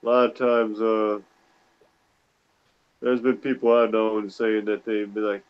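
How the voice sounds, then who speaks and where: A man's voice: lowish voice, flat delivery, measured pace, long pauses, smooth. A man chatting casually as a livestream guest, rambling and hesitant, with many fillers. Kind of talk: casual chat. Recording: dull lo-fi call audio.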